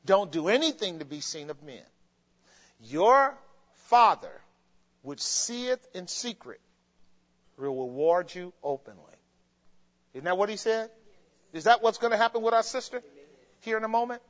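High-voiced preacher in an echoing hall. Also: male voice, measured pace, pauses often. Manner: animated preaching, laughs and mimics voices. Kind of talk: sermon. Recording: muffled long reverb in a hall.

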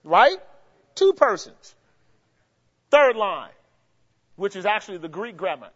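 A man's voice: extremely high pitch, very animated, a little slow, pushed and bright. A man preaching a teaching sermon, asking the congregation questions and walking them step by step through grammar. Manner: asks the congregation questions and has them answer; explains grammar step by step, with emphatic rises. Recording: dull, lo-fi recording with long hall reverb.

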